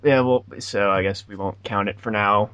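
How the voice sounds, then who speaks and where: A man's voice: fairly low pitch, steady tone, normal speed, a bit bright, clean tone. A young man in his twenties hosting a podcast, telling a rambling story in a sarcastic, casual way. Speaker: podcast host. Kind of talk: casual chat.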